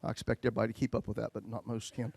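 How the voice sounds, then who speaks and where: A man's voice: on the low side, level tone, very fast, vocal fry, breathy edge, dry recording. Folksy storytelling pastor, man, dry sound. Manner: folksy, joking with the congregation, big swings between loud and hushed. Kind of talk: storytelling sermon.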